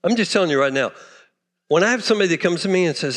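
Male pastor, sermon, fired up, drops to hushed asides; high-pitched, reverberant church hall. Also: animated, rapid-fire. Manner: impassioned, swings from loud to hushed. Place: church sanctuary.

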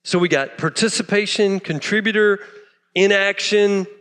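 Impassioned high-voiced male pastor preaching. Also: moderate pace. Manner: impassioned, swings from loud to hushed. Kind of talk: sermon. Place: church sanctuary. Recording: long reverb of a church hall.

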